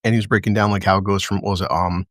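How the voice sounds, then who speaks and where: A podcast host with a low-pitched voice talks very fast in a casual recap of a TV episode, retelling scenes and quoting lines while laughing. His animated delivery includes voices for the quotes. The recording is dry and studio quality.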